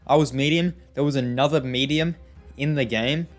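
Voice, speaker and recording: A man's voice: medium pitch, normal speed, soft background music. A young man giving casual, rambling gameplay commentary, often exasperated, with many fillers and restarts. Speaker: gaming YouTuber.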